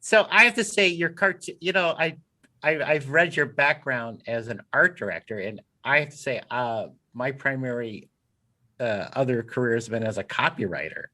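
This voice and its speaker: A man's voice: mid-range voice, moderate pace, sharp tone. A man co-hosting an interview podcast, chatting casually with hesitant, self-deprecating jokes. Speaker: podcast co-host.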